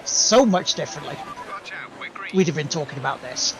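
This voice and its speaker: High-voiced man arguing his point. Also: expressive, moderate pace, rough recording. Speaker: podcast co-host. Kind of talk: casual chat.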